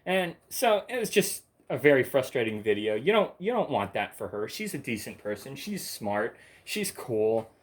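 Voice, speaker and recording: A man rants on his own in a loose, meandering monologue. He swears freely and bluntly, jumping from one gripe to the next with short laughs in between. His voice sits at an ordinary middle pitch. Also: very animated, normal speed, few pauses. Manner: profane, blunt and rambling. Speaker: channel host. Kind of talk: rambling ranting monologue.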